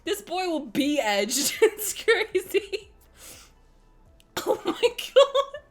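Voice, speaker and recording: A woman's voice: very high-pitched, wildly swooping pitch, extremely slow, soft background music. A woman streamer reacting on a livestream, laughing hard and swearing casually, crying with laughter.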